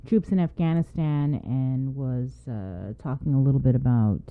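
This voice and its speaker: A woman co-hosting a radio talk show, explaining things casually with many filler pauses. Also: a bass voice, phone-quality sound.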